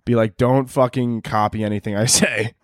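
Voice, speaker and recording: A man's voice: mid-range voice, steady tone, moderate pace, dry recording, studio quality. A young man hosting a podcast, delivering a crude, rambling comedic monologue and laughing at his own jokes. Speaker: podcast host.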